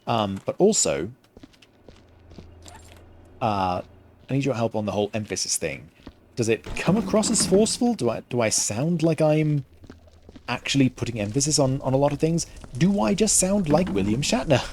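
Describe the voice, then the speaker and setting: A man giving casual gameplay commentary into a headset, pausing often to find the next word. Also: medium pitch, sing-song, noisy background. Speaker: gaming streamer.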